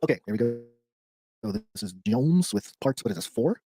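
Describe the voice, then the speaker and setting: A man's voice: medium pitch, very animated, normal speed, creaky, mellow, slight background noise. A man co-hosting a podcast who rambles, restarts his sentences and laughs easily. He is a father of young children. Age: adult with young children. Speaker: podcast co-host. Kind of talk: casual chat.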